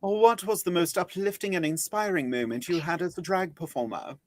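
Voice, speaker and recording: A man hosting a podcast, casual and jokey, animated and quick to laugh. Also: sits high, no echo. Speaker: podcast host. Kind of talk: casual chat.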